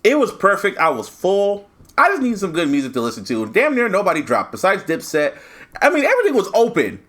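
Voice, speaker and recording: Opinionated man with a lively voice. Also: high-pitched, a little fast. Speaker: podcast co-host. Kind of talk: casual chat.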